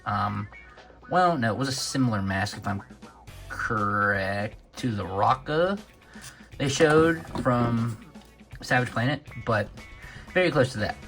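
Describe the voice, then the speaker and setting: A man's voice: mid-range voice, slow, pauses often, fairly bright tone, soft background music. A young man giving a casual toy review, rambling a little with many fillers and corrections of himself.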